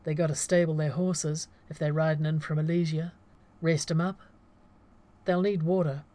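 A woman's voice: low voice, level tone, moderate pace, mellow, natural voice. Casting: woman voicing a blunt, no-nonsense male frontiersman, storybook reading. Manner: blunt, few words. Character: terse, practical male frontier tracker.

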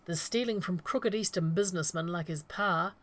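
A woman voicing a sarcastic, fussy male outlaw in an audiobook, with an indignant, sharp delivery. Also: on the low side, moderate pace, lightly acted. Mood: lecturing.

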